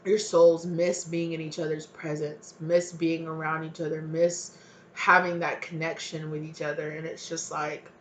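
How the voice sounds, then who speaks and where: Low-voiced woman giving an emotive tarot reading. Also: little pitch movement, moderate pace, slight background noise. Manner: emotive, voices imagined partner's pleas; rambling, many fillers and restarts. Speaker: tarot reader.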